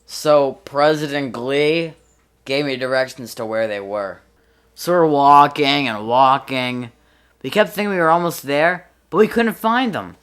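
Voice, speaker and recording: Young man telling a story, bright voice. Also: mid-range voice, measured pace, clean tone. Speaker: comedy show host. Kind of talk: storytelling monologue.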